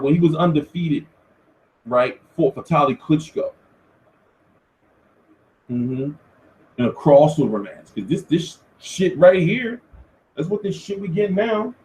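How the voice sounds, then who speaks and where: A man hosting a casual commentary show, talking in an animated, profane rant. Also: a little high, slow pace, pauses often. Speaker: host. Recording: echoey room, far from mic.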